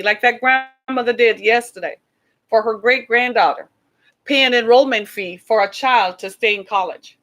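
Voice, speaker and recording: A woman with a slightly high, fairly bright voice hosts an online show at an ordinary pace. In her impassioned talk she earnestly lectures viewers, returning over and over to pleas that they listen.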